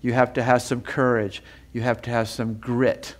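A man teaching a sermon with feeling, building up with repeated phrases and reading scripture in a slower, lower voice. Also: level tone. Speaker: Bible teacher.

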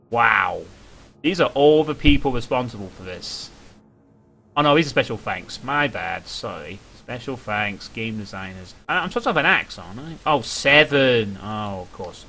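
A man's voice: mid-range voice, bright, forceful tone, slight background noise. A young man commentating a horror game, wry and jokey, breaking into yelps and laughter. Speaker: gaming streamer.

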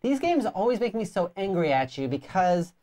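A woman's voice: medium pitch, moderate pace. A woman co-hosting a board game show, telling stories in casual chat and acting out quoted lines with lots of energy. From Arizona. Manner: animated storyteller acting out quotes.

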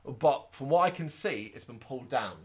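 A man co-hosting a podcast, chatting casually and recapping a movie in an animated way, with quick asides in put-on voices. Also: medium pitch. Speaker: podcast co-host. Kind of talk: casual movie review chat.

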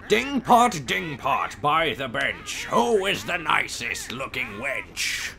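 A man voicing a vain old female witch, speaking her rhymes slowly in a sing-song way. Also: mid-range voice, big pitch swings, vocal fry, sharp tone, full character voice.

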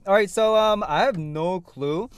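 A man's voice: high-pitched, unhurried, clean tone, dry recording. A man hosting a casual radio quiz chat in a studio, upbeat and laughing often. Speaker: radio host. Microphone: studio mic.

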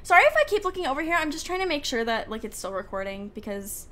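Fast and very animated, a young woman with a high, fairly bright voice casually commentates a life-sim game for YouTube, giggling and chatting to her characters. She records in a room at home with the window open, and faint outdoor ambience can be heard.

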